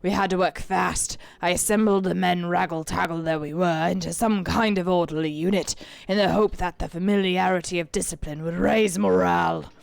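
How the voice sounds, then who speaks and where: Woman doing a grim weathered sea captain, gravelly and slow, a bit lower than her own voice, close and dry. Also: fairly even intonation, no room sound. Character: weathered male ship captain, grim and determined.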